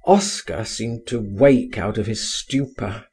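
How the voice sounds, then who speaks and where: Slow husky male audiobook narrator. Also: fairly low pitch, a little mellow. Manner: measured, storytelling.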